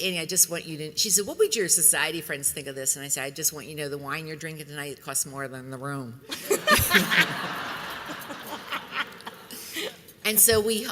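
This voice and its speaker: A middle-aged woman speaking as a guest at a convention, telling lively anecdotes to an audience and laughing along. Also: deep voice. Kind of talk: storytelling speech to an audience. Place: convention hall. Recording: long reverb in a large hall.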